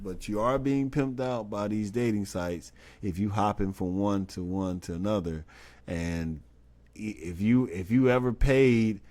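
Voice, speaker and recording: Lowish-voiced man riffing on an article. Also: darkish tone. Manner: reads an article aloud, breaking off to react in incredulous asides; frequent stammered restarts. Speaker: host. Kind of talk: casual live-stream commentary.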